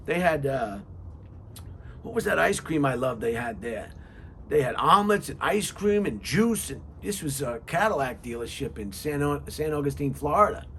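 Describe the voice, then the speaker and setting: A man's voice: fairly high pitch, animated, moderate pace, fairly bright tone, slight background noise. A man giving car service tips in a casual monologue, reading questions off a list and rambling with jokes and asides. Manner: rambling, repeats words, many fillers.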